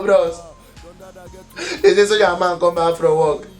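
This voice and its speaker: A Nigerian Pidgin-speaking man tells his tale in a high, excitable voice, chuckling between breathless lines. It is comedy-skit storytelling with faint music underneath. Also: measured pace.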